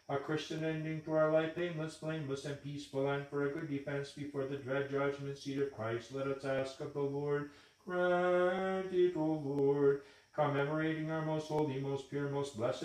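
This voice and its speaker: A man leading evening vespers, intoning the prayers in a chanted liturgical reading. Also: on the high side. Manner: intoning in an even monotone. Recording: very echoey church room.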